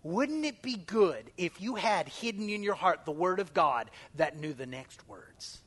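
A man with a notably high voice delivers a sermon from the pulpit. He preaches with emphatic force and calls for answers from his listeners. He drops to a hush and then rises again to loud declarations. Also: animated, measured pace, husky. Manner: emphatic call-and-response preaching, swinging from loud to hushed. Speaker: pastor.

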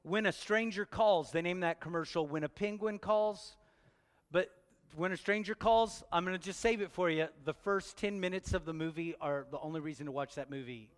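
A man's voice: sits high, normal speed. A pastor, preaching a sermon and joking with his congregation, asking them question after question. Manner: playful, talks straight to the congregation with questions. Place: church hall. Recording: long church hall reverb.

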